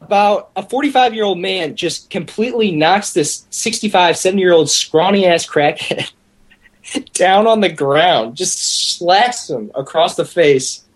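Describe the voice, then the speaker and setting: A man's voice: high voice, unhurried. A young man casually telling a long, rambling anecdote with lots of restarts. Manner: rambling, animated, with many restarts. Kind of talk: casual storytelling.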